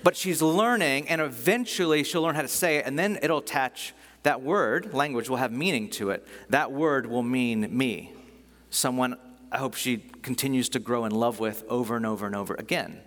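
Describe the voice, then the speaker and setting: A man's voice: medium pitch, normal speed, fairly bright tone. A man preaching a sermon in a conversational, enthusiastic way, often restarting his sentences. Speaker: pastor. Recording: long hall reverb.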